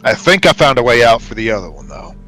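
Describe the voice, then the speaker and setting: A man talking casually as a player in an online tabletop game, rambling with halting restarts. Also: medium pitch, sing-song, pushed and bright, faint music behind.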